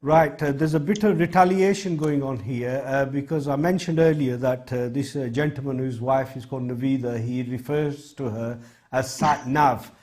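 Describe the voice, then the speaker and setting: A man's voice: mid-range voice, moderate pace, a little mellow. A man from the United Kingdom hosting a TV talk show, reading out viewer texts in a polite, brief way. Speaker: host.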